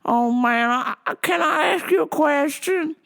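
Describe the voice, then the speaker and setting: A young adult woman hosting a podcast, telling a story in a profane, casual way and laughing loudly and often. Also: high-pitched, a little slow, creaky. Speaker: podcast host.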